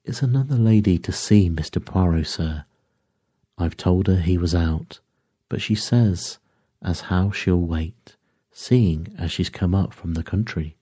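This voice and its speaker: A man's voice: low-pitched, measured pace, warm tone, husky. A man voicing a chatty, homely landlady with a colloquial way of talking. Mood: matter-of-fact. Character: chatty working-class landlady, older woman.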